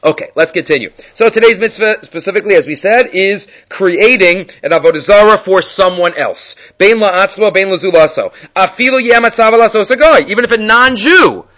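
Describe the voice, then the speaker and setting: High-voiced man teaching a Torah class. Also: animated, fairly bright tone. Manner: mixes quick Hebrew quotes with English explanation; earnest, explanatory. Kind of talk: daily Torah class on the weekly portion.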